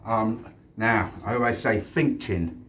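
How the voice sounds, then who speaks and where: A man's voice: fairly low pitch, takes it slowly, fairly bright tone. A middle-aged man, a former doorman, tells a street-fight story in a blunt, sweary, stop-start way, outdoors in the wind. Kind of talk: casual storytelling to camera. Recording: distant mic with wind noise.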